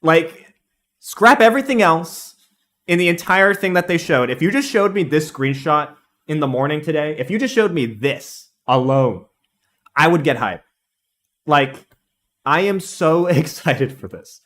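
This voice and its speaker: A young man streaming a casual, excitable game analysis, rambling and laughing at his own slips. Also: on the high side, a little slow.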